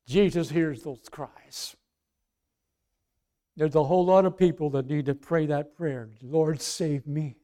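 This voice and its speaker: A male pastor preaching a sermon, swinging from loud emphatic lines to soft quiet asides. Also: on the high side, unhurried, pauses often.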